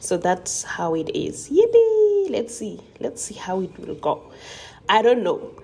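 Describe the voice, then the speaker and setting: A woman's voice: on the low side, unhurried, vocal fry, breathy edge. A young South African woman hosting a cooking vlog, chatting playfully to viewers with rambling asides as she cooks. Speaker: cooking channel host. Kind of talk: casual cooking vlog narration.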